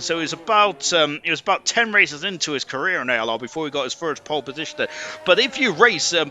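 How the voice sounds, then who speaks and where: A man giving rambling, chatty live commentary on an online racing league, full of quaint exclamations. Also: on the high side. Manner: rambling, chatty, quaint exclamations, rising excitement on fast laps. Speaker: esports race commentator.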